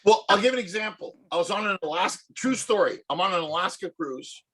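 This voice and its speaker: Husky high-voiced comedian man. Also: brisk. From Canada. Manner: animated joke-telling storyteller. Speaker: comedian and co-host. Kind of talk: casual podcast chat.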